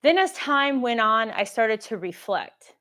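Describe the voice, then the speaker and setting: Animated woman telling stories on a live stream. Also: a little high, measured pace. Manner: animated storytelling, acts out quoted dialogue; reads viewer questions aloud. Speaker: government contracting coach.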